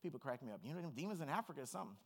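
A man's voice: fairly high pitch, very animated, racing, slight background noise. A male pastor preaching an emphatic sermon, repeating phrases and building to fervent peaks. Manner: emphatic, repeats phrases, rises to shouting fervor.

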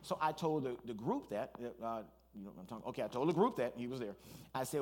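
A man, a pastor, preaching a sermon in an animated storytelling way, with asides and restarts. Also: mid-range voice, fast talker.

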